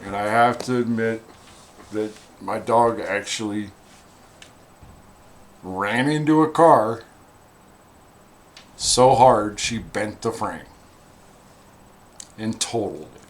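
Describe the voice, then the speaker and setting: A man casually telling a funny personal story in a wry, animated way, acting out the other people's lines. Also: fairly low pitch, takes it slowly, pauses often, a little hiss or hum. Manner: wry, animated, acts out quoted voices.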